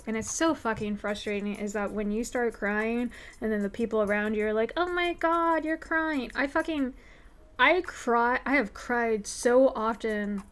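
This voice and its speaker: A woman hosting a livestream, answering viewer questions in a candid, profane, emphatic way. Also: fairly high pitch. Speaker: livestream host. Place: home streaming setup.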